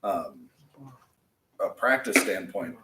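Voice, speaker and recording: A man's voice: deep voice, slow pace. A man teaching a class, explaining each step patiently. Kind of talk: classroom lesson. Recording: roomy, from a distance, faint noise.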